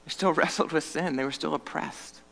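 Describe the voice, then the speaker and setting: A man preaching a sermon as pastor, earnest, moving between loud emphatic stretches and hushed, low passages. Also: moderate pace, creaky, long reverb tail.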